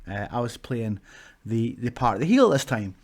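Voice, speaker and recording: A Scottish man, a pro wrestler in his thirties, casually telling stories to camera, animated and swearing freely. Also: mid-range voice, moderate pace. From Scotland. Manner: animated, swears freely, acts out shouts from the ring.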